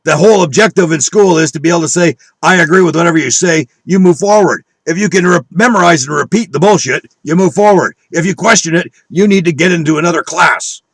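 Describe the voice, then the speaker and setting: A man's voice: on the high side, fast talker, hardly any pauses, breathy edge, no room sound. A man delivering a profane, combative rant at his viewers, scornful and preaching, with a dry close recording. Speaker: online video speaker. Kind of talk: angry conspiracy rant.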